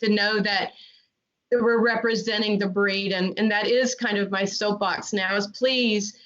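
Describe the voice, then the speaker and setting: A woman's voice: mid-range voice, steady tone, measured pace, a bit bright. A woman talking earnestly and at length as a guest in a casual podcast interview, often restarting her sentences. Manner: earnest, chatty, many restarts. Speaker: interview guest, amateur dressage rider. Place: North Carolina resident. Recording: dull lo-fi podcast audio.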